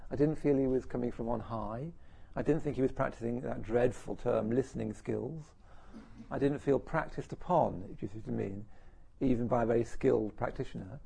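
A middle-aged man delivers a reflective, self-deprecating talk to an audience, speaking fairly quickly. His medium-pitched voice is warm in tone yet gravelly and husky.

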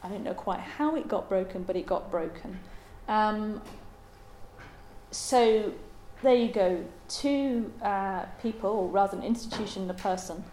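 A woman giving a Buddhist dharma talk in a halting, thoughtful way, with many pauses and ums. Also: medium pitch, mellow, slight background noise. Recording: roomy echo.

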